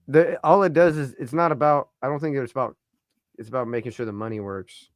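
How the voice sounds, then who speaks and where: A man of medium pitch and normal speed co-hosts a relaxed sports talk stream, his audio dry and studio-clean. He muses out loud over a trade simulator, drifting off mid-thought and mumbling.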